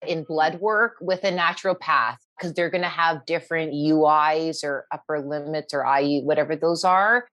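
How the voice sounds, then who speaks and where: Lower-voiced woman podcast co-host. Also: normal speed, hardly any pauses, a bit bright. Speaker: book club podcast co-host. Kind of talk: casual chat.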